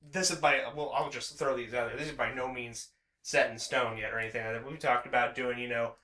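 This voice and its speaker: A man's voice: mid-range voice, fairly even intonation, brisk, sharp tone, roomy sound. A man co-hosting a podcast in casual chat, rambling with many restarts and filler words. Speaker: podcast co-host.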